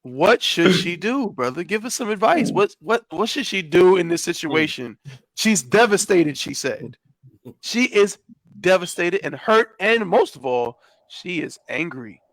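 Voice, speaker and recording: Podcast host dude, high-ish voice, talks slow and hypes everybody up, super dry mic. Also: male voice, sing-song, fairly bright tone, dry recording. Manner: hype interjections, slow drawn-out delivery. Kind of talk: podcast hosting.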